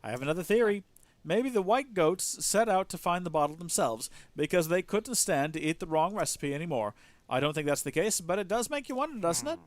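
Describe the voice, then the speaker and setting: A man's voice: high voice, no room sound, voice pushed up. A man reading game dialogue aloud as a chummy, enthusiastic male newspaper reporter who keeps calling the player "partner". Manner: bouncy and enthusiastic, says "partner" often.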